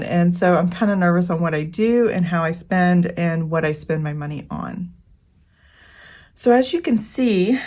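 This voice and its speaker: A woman's voice: fairly low pitch, darkish tone. A woman hosting her own budget planning channel, talking casually and rambling with frequent fillers. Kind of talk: casual chatty vlog walkthrough.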